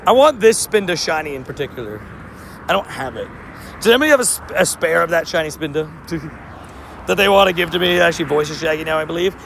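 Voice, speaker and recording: A man in casual live-stream chat, talking loosely with his viewers. His voice sits fairly high for a man and carries a steady gravelly fry. He often trips over his words and breaks into laughs. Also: fast, slight background noise. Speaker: mobile game streamer.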